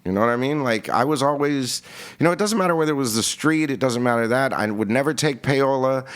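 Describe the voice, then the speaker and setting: A man's voice: mid-range voice, fairly quick, clean tone. A man and former radio program director, telling a story bluntly and casually with lots of swearing, acting out the dialogue. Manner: blunt, profane, acts out dialogue.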